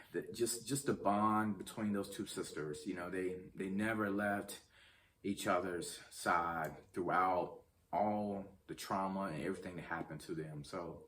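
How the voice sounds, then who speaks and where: Recorded on a distant mic with slight background noise, a man with a low, fairly bright voice runs his own movie review channel. His casual, chatty vlog style speaks directly to viewers and rambles with frequent ums and restarts.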